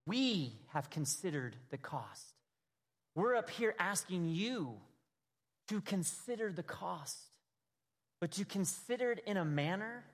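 Earnest preaching man in a reverberant hall. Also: fairly high pitch. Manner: earnest, emphatic preaching with dramatic scripture reading. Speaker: pastor. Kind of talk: sermon.

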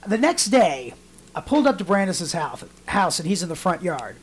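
A man's voice: sits high, normal speed, husky. A man, likely in his late twenties, telling a story on a podcast in casual, profane chat, acting out voices for the people he quotes. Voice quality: storytelling, animated voices in quotes, swears freely. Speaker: podcast host.

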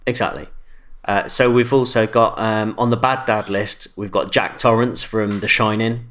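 A man co-hosting a casual podcast with a low voice. He rambles, repeats phrases and restarts his sentences. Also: fairly even intonation, moderate pace, fairly bright tone. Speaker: podcast co-host. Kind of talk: casual chat.

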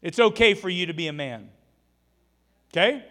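A high-voiced man preaches with animated, exhorting energy, breaking into acted-out scenes. His voice rings through a church with a long reverb. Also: moderate pace. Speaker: pastor. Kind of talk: sermon.

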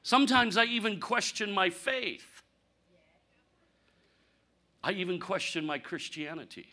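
High, bright-voiced male preacher. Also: unhurried. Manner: animated, rhetorical questions, sudden drops to quiet; candid, self-deprecating humor. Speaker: pastor. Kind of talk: conversational sermon.

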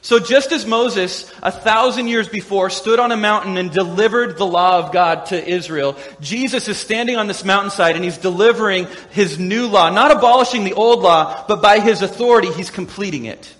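Male pastor, high voice, playful animated sermon delivery, long hall reverb. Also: moderate pace, hardly any pauses. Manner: animated, acts out quoted voices with humor.

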